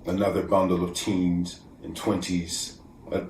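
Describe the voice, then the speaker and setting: A man with a very low voice reads his poems slowly and deliberately, now and then sinking toward a whisper. He sounds set back from the microphone in an echoey room at home, with a faint hiss of background noise. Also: flat delivery, a little mellow, far from the mic. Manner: measured, deliberate reading, dropping to a near whisper at times. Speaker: poet. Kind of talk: poetry reading. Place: room at home, virtual festival.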